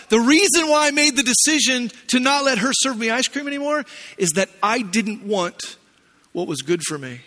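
Middle-aged male pastor, very high bright voice, lively storytelling sermon in a church. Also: long reverb tail. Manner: storytelling, animated, playful asides.

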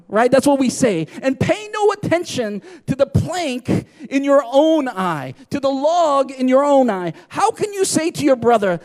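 A man's voice: very high voice, very animated, normal speed, a little mellow. A man preaching a sermon in an emphatic style, often asking his listeners "right?". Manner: emphatic, repeats "right?" to the audience. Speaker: pastor.

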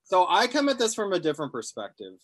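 A man's voice: high voice, huge pitch swings, quick pace, crowd noise. Casting note: man in his thirties, blunt contrarian podcast co-host, gets emphatic. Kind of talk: casual podcast chat.

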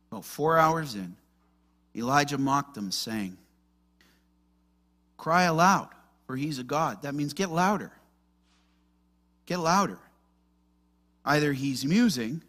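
A man preaching an expository sermon as pastor, animated and acting out the voices in the story. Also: medium pitch. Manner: animated, acts out quoted voices.

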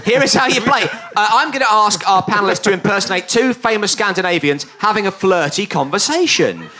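Lively mock-grand male host. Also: high-pitched, a little fast, a crowd in the background. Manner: playful, mock-grand announcing. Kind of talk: comedy panel show hosting. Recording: live studio audience.

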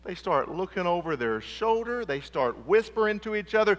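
High bright-voiced preacher, calling for amen. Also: male voice, big pitch swings, normal speed, hardly any pauses. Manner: emphatic, calls for "amen", drops low and quiet for weight. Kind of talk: sermon. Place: church sanctuary. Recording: long church hall reverb.

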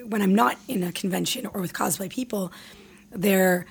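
A woman hosting a podcast, chatty and excitable, quick to brush off compliments. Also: mid-range voice, creaky, breathy edge. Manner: excitable, chatty, self-deprecating. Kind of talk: casual podcast chat.

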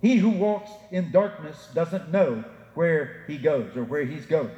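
Male pastor, sermon, emphatic preaching, high voice, echoey church hall. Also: unhurried, warm tone, dull audio. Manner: emphatic preaching, rising for quotes, dropping low to address listeners. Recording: echoey hall with long reverb.

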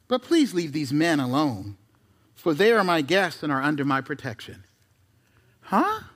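A man preaching a sermon as pastor, conversational with rhetorical questions and asides, reading scripture with dramatic pauses. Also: fairly high pitch, wildly swooping pitch, a bit bright.

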